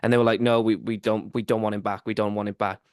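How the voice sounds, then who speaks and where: A man's voice: lowish voice, little pitch movement, fast talker, no room sound, studio quality. A male podcast host, telling a rambling story in a casual chat, full of fillers.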